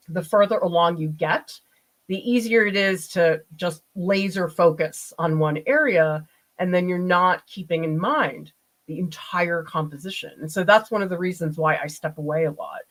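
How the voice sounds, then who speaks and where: A middle-aged woman art professor with a voice on the low side chats at normal speed while painting on a live stream, answering chat. She tells animated stories with laughs, and the recording quality is low.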